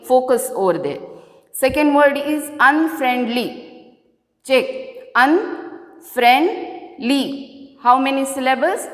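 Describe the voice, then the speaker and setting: A woman with an Indian English accent teaching a grammar lesson to students, drawing out each word slowly as she splits it. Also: fairly high pitch. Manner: slow, drawn-out spelling of words. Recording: echoey room with long reverb.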